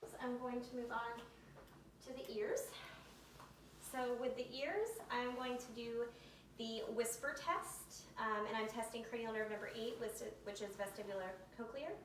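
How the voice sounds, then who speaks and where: A woman's voice: fairly high pitch, steady tone, moderate pace. A woman methodically talking through a clinical physical exam step by step, with occasional fillers, in an exam room. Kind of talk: narrated step-by-step clinical demonstration. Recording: echoey room, distant mic, faint hum.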